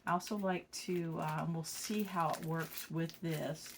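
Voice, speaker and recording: A woman's voice: deep voice, fairly even intonation, a little slow, background noise. A woman chatting folksily through a craft tutorial, calling her viewers y'all, a bit tired from a long week. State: tired, yawning. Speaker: craft vlogger. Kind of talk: casual craft tutorial chat. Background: crinkling plastic and clicks.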